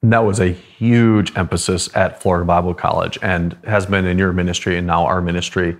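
A man's voice: deep voice, level tone, brisk. A man interviewing an older preacher, prompting him with short recollections. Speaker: interviewer and ministry host. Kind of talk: interview questions.

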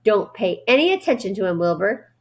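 A woman voicing a wise, stern female spider who speaks in a calm, scolding tone, read from a storybook. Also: mid-range voice, a little fast.

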